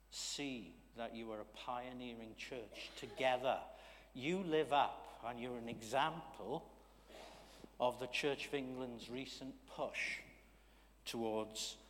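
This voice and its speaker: A man's voice: mid-range voice, a little hiss or hum. Male preacher in a reverberant church. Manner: conversational, checks in with the congregation; swings from loud emphasis to hushed asides. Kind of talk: sermon.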